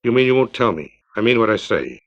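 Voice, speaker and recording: A man voicing a firm but kindly middle-aged country doctor, low and grave, on a dull lo-fi 1950s record. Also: very animated, a little fast. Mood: stern, gentle.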